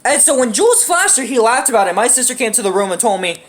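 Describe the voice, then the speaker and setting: Young woman doing a storytime vlog, high voice, swears a lot, says "right?" constantly. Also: sing-song, fast. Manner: profane, rambling, lots of fillers like "right?" and "you know"; acts out quoted lines in shifted voices.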